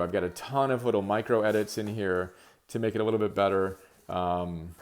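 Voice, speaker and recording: A middle-aged man hosting his own podcast, talking solo in an energetic, emphatic, rambling way with many fillers. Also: fairly low pitch. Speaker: podcast host. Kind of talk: casual solo monologue.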